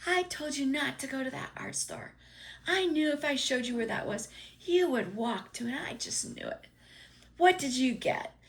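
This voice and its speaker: A woman's voice: normal speed, lightly acted. Woman putting on a scolding exasperated dad. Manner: scolding, raised and higher than her own voice. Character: stern, exasperated middle-aged father.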